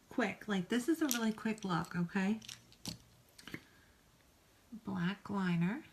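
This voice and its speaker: A woman's voice: mid-range voice, slow pace, pauses often, a little hiss or hum. A woman with a mid-range voice rambles through a get-ready-with-me makeup chat. She talks casually and folksily and often pokes fun at herself. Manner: chatty, rambling, self-deprecating, folksy. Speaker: makeup vlogger.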